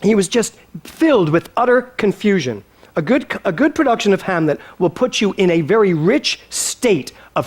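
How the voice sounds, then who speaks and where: Male speaker, spiritual talk, high voice with big swoops in pitch, teasing and theatrical. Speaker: minister.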